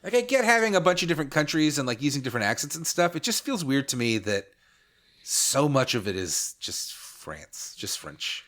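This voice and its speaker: A man's voice: mid-range voice, sing-song, normal speed, a bit bright. A young man co-hosting a casual gaming podcast, rambling with lots of "like" and mock-outraged rants. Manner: rambling, heavy use of "like", mock-outraged ranting. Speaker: podcast co-host.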